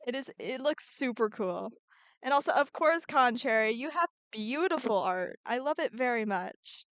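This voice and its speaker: While drawing on stream, this woman chats bubbly with viewers and mutters to herself as she goes. She speaks at normal speed with lively intonation in a fairly high, fairly bright voice, and there's no echo.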